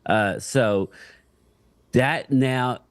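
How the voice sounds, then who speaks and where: A man's voice: mid-range voice, extremely slow, no echo. A man co-hosting a live sports stream from a home setup, laid-back and joking with loose slang. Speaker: sports podcast co-host. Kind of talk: casual live-stream chat. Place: home studio with stream deck.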